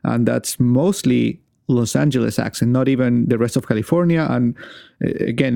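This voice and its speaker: Chilean man, Spanish native, podcast host; dark, gravelly voice, measured delivery, dry close recording. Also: mid-range voice, dry recording. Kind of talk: conversational podcast chat.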